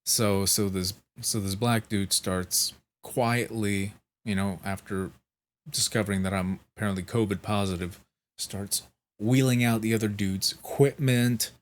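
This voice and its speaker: A man's voice: lowish voice, steady tone, unhurried. A sleep-deprived man vlogging, telling a rambling story in casual chat, swearing freely and restarting his sentences.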